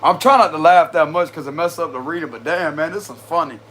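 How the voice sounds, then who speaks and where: Speaking quickly in a slightly high, fairly bright voice, this tarot reader addresses his viewers directly over slight background noise. His reading is casual, slangy, and talkative, punctuated by frequent laughter.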